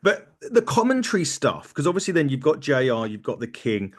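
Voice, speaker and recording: A man's voice: fairly high pitch, big pitch swings, fairly quick. A man hosting a podcast, asking his guest questions in a casual way. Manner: casual, conversational. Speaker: podcast host. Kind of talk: interview questions.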